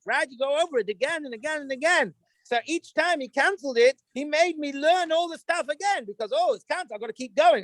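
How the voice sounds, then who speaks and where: A man's voice: sits high, fairly bright tone, no room sound. A man, a rabbi, talking casually to an online group, rambling through anecdotes with many fillers and restarts as he looks things up. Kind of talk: casual teaching talk with anecdotes.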